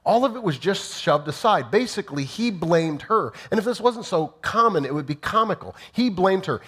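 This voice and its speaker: A man's voice: fairly high pitch, big pitch swings, normal speed, few pauses, a bit bright, husky. A male pastor delivering a conversational sermon, emphatic and full of rhetorical questions.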